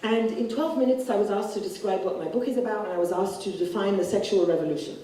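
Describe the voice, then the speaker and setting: Outspoken woman author, mellow low-key tone, sounds far off in a big echoey hall. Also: fast. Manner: blunt and animated, acts out quoted people. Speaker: author discussing her book. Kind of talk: festival stage conversation. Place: large hall at a literature festival.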